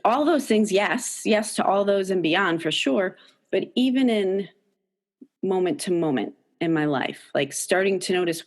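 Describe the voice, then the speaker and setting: A woman's voice: mid-range voice, animated, unhurried. A middle-aged woman talking candidly as an interview guest, emphatic and swearing freely, her voice jumping up when she quotes her own thoughts. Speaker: podcast guest, author.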